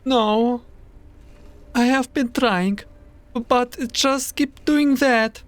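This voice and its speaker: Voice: medium pitch, very slow, dry recording. A streamer putting on a weepy young woman engineer's voice while reading game lines aloud. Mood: upset.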